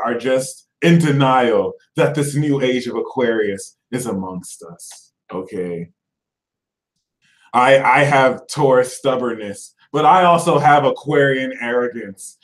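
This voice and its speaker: A man hosting an astrology livestream, ranting animatedly, dropping to low mutters and then breaking into loud shouts while mocking other signs in put-on voices. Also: reverberant, low-quality recording. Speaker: astrology channel host.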